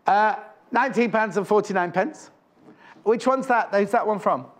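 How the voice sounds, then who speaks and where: A man fronting a live TV shopping show, his voice sitting a little higher than most men's. He chats freely, wanders off on tangents and corrects himself mid-sentence, then comes back to the prices. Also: normal speed. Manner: chatty, rambling, self-correcting. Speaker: shopping channel presenter. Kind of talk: live TV selling chat. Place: TV studio.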